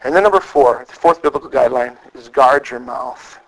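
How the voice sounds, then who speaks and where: A middle-aged pastor delivers a sermon in a medium-pitched, brisk voice, and the recording quality is poor. He tells stories with animation, acting out the lines he quotes.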